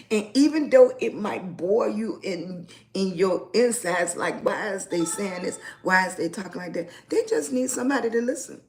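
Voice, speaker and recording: A woman talks into her phone on a casual livestream. She speaks in an earnest, repetitive, preacher-like way and greets her viewers with warm affection. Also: fairly high pitch. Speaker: lifestyle livestreamer.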